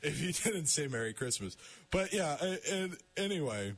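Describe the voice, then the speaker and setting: A young man hosts a casual radio talk show. His voice is slightly husky and a touch high. It rises and falls a lot as he stumbles through restarts. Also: very animated. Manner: halting, many restarts, laughs often.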